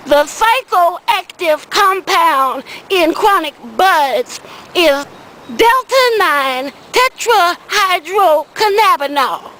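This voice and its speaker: In a low-quality recording, a woman with a very high, sharp voice gives a heavily acted comic monologue as a rambling older Southern man who sells weed on a small scale. She keeps dropping little words like "see" and "I said" as the story wanders.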